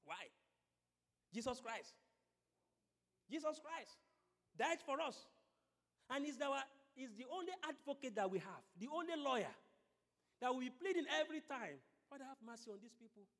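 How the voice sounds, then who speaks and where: A man's voice: extremely high pitch, very animated, unhurried, long pauses, a bit bright, long reverb tail. A man preaching a sermon as pastor, mixing scripture with playful acted-out asides.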